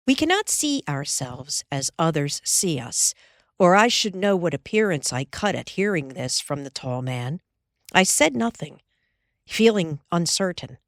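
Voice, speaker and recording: A woman narrates a classic novel as an audiobook, taking her time over each phrase. Her lowish voice moves expressively up and down. The recording is dry and close. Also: dry recording. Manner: measured, expressive storytelling.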